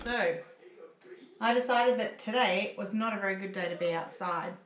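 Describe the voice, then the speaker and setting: An Australian woman vlogging casually from her farm, chatting about her animals and cooing softly to them. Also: mid-range voice, normal speed, very noisy. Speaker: homesteading vlogger. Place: farm yard with animals, outdoors.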